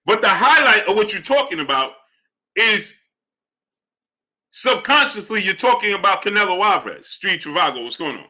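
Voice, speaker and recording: A man's voice: high-pitched, sing-song, moderate pace, bright, forceful tone. A man hosting a live boxing stream, arguing with chatters and greeting them by name. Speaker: livestream host. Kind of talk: live chat boxing talk.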